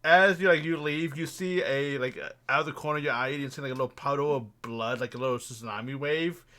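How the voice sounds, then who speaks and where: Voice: mid-range voice, brisk, a bit bright, a little hiss or hum. A speaker running a tabletop game, narrating in a rambling way with many fillers. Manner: rambling, lots of likes.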